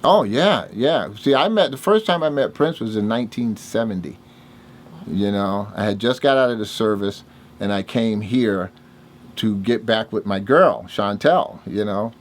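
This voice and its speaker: An older man, telling stories in a casual interview and acting out the dialogue with big swings in his voice. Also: measured pace. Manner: animated storyteller, acts out dialogue with big pitch jumps. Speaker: interviewee, music producer.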